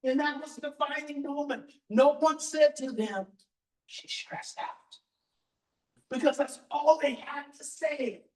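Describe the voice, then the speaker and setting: A man's voice: extremely high pitch, fairly even intonation, normal speed, few pauses, a little mellow. A man giving a live parenting seminar, talking with passion and repeating key points for emphasis. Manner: impassioned, emphatic repetition. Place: seminar hall with audience. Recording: echoey hall, distant mic.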